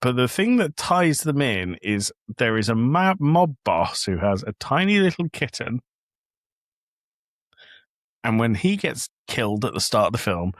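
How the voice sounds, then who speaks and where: The recording is dry and studio-clean, capturing a man with a voice on the low side. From England, he's an adult podcaster with a young child, an animated storyteller in casual chat who performs the quotes.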